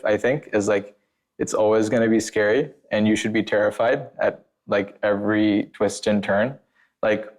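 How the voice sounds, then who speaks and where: A man, a former penetration tester, talking as a podcast guest in a casual, rambling way, full of filler words and blunt warnings. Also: lowish voice. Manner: blunt and emphatic.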